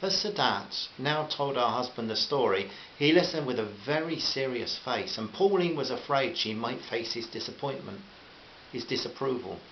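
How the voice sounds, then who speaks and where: A man reading a short story aloud in a gentle, friendly way, addressing listeners as friends. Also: mid-range voice, animated, normal speed. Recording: muffled roomy recording with faint hiss.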